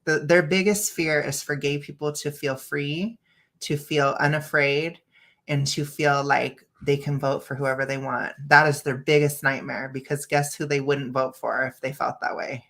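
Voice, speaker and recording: A woman's voice: deep voice, fairly even intonation, normal speed, a bit bright. A woman hosting a casual reaction stream over a video call, blunt and opinionated, often breaking into laughs. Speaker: stream host.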